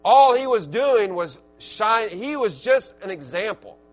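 High-voiced Arkansas preacher, swinging loud and soft. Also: male voice, sing-song, a little slow, soft background music. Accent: Southern US, Arkansas. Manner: swings from quiet asides to loud emphatic peaks, repeats words as he restarts. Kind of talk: sermon.

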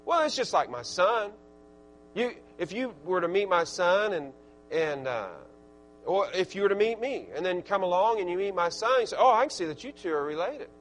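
A man with an Arkansas accent preaching a sermon, swinging from quiet asides to loud, emphatic peaks and restarting his words as he goes. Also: high voice, expressive, normal speed, soft background music. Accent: Southern US, Arkansas.

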